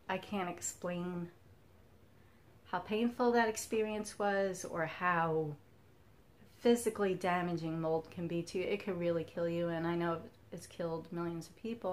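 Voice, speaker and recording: A woman's voice: fairly low pitch, a little hiss or hum. A woman in her fifties talking candidly to camera as a cross stitch vlogger, telling a personal story and laughing often. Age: 50s.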